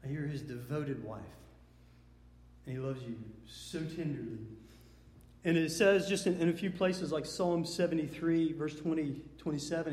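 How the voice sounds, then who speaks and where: A man's voice: on the high side, normal speed. A man preaching a sermon in an earnest way, often repeating words as he builds emphasis. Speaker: pastor. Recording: echoey hall with long reverb.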